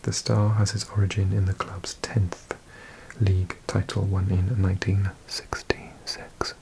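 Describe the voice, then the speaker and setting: A man with a Welsh accent, hosting an ASMR video and reading aloud in a slow, hushed mix of whisper and soft speech. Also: sits low, flat delivery, gravelly, background noise. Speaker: ASMR host.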